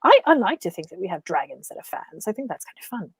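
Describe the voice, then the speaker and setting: A woman's voice: mid-range voice, very animated, fast, breathy edge, dry recording. A woman hosting a casual chat, talking in a rambling, giggly way. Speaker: host. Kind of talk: casual chat on a live stream.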